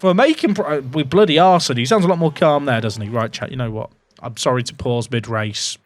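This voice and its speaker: A man giving excitable, jokey commentary while playing a racing management game, swinging between hype and quiet muttering. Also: medium pitch, a little fast. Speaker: gaming YouTuber.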